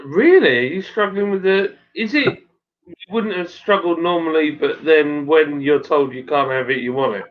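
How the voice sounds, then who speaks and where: A man from Sussex with a relaxed, joking manner, chatting about beer on a live stream. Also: on the high side, moderate pace, muffled recording. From Sussex, England. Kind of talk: casual beer chat.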